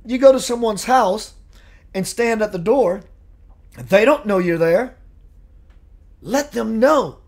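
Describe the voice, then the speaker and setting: Guy teaching spiritual stuff on a live show, soft earnest meditative talk. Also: high-pitched, animated, slow pace, long pauses. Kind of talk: live spiritual talk reading viewer comments.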